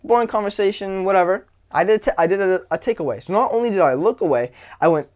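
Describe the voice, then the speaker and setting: A young man with a somewhat high voice talks through dating advice in a relaxed, unscripted way. He swears freely and keeps slipping into quoted lines from his own stories. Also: quick pace. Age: young adult. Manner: loose and profane, acts out anecdotes with quoted voices. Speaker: social skills coach. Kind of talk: casual advice monologue.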